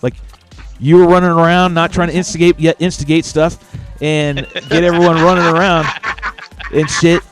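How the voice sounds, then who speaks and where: A man hosting a podcast, telling stories in an animated, casual way and swearing freely. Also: on the high side, moderate pace, over music. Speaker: podcast host. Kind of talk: casual chat.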